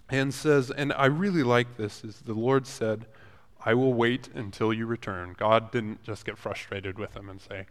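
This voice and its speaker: A man's voice: medium pitch, moderate pace. A man giving a casual Bible lesson, retelling scripture in his own words with frequent restarts and a conversational manner. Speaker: Bible teacher. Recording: long hall reverb.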